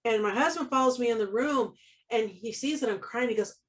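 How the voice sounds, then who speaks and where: A woman's voice: a little high, brisk, far from the mic. A woman co-hosting a casual chat, telling a personal story animatedly, laughing often and acting out what people said. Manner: animated, laughs often, acts out quoted voices. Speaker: co-host.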